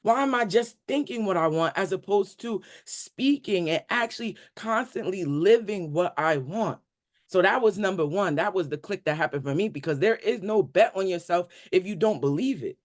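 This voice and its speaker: A man's voice: sits high, animated, moderate pace. A man speaking on a group coaching call, giving an emphatic, repetitive motivational talk in casual slangy speech. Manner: emphatic, repetitive, preacher-like build-ups. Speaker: community member on a coaching call.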